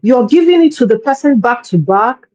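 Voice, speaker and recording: A woman's voice: on the high side, animated, moderate pace, dark tone, no echo, lo-fi sound. A woman coaching parents in a workshop talk, speaking earnestly and often repeating words as she searches for her phrasing.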